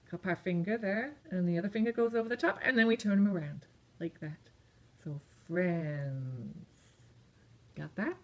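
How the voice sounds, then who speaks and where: A woman leading a library storytime for young children, gently explaining things step by step. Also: medium pitch.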